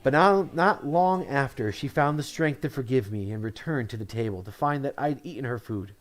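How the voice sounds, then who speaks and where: A man's voice: mid-range voice, normal speed. Male comic from Connecticut, mid-range voice, reels off one-liners and chuckles at his own lines; faint music bed. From Connecticut, USA. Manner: chuckles at his own jokes, offhand self-commentary. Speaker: comedian. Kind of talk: telling one-liner jokes.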